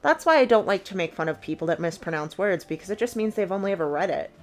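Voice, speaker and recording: A woman's voice: fairly low pitch, expressive, quick pace, soft background music. A woman co-hosting a game playthrough, chatting casually and rambling with fillers and frequent laughs. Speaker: co-host of a gameplay series. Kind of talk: casual chat over gameplay.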